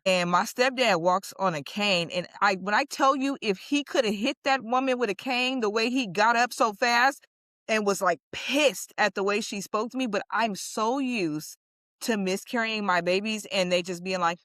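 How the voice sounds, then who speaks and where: A woman's voice: medium pitch, normal speed, fairly bright tone, no echo, clean studio sound. A woman co-hosting a podcast, speaking bluntly and candidly in casual conversation. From United States. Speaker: podcast co-host.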